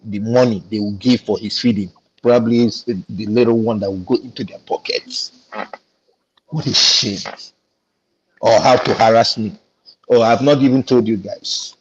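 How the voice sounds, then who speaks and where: A man's voice: on the low side, dull audio, slight background noise. A man with a Nigerian accent in a casual panel discussion, telling an indignant story and acting out the exchanges.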